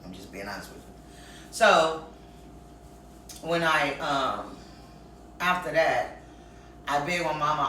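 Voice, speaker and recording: A woman's voice: deep voice, slow, pauses often, slight background noise. Frank woman, echoey far-off mic. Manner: frank, lively, quotes people in their voices. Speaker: storyteller. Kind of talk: candid personal storytelling.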